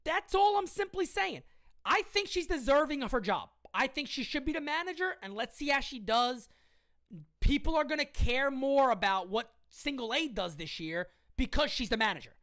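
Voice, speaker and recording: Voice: sits high, expressive, normal speed, fairly bright tone. A woman hosting a live-stream sports commentary show, emphatic and argumentative as she answers comments from her chat. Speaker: host.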